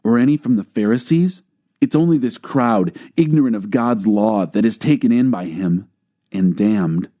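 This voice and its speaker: A man's voice: sits low, steady tone, takes it slowly, hardly any pauses, dark tone. A man voicing scornful, raised-voice temple elders. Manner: scolding, mocking questions. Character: indignant scornful male religious leaders.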